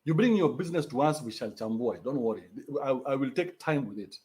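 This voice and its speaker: Animated Kenyan man ranting on a podcast. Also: mid-range voice, quick pace. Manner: animated, mocking, swears freely, mixes Sheng with English. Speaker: podcast host. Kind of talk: ranting commentary.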